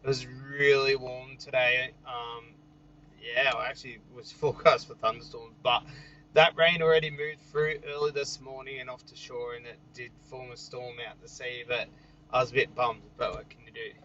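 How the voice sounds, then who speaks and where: A man's voice: medium pitch, flat delivery, moderate pace, pushed and bright, dull audio, slight background noise. A young Australian man hosting a casual night-time livestream outdoors, chatting with viewers and joking easily. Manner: joking, chuckles often, easygoing. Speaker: livestream host. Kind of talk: casual live chat reading viewer comments.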